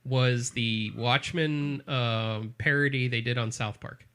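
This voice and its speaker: A man hosting a casual movie podcast, talking in a rambling, halting way with many fillers. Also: medium pitch, fairly even intonation, fairly bright tone, clean tone. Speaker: podcast host. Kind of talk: casual chat about movies.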